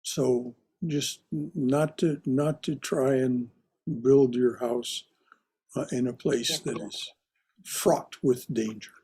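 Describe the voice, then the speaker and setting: A man leading a discussion class, speaking in a slow, thoughtful and hesitant way. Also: mid-range voice, fairly even intonation, warm tone, husky. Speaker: class teacher.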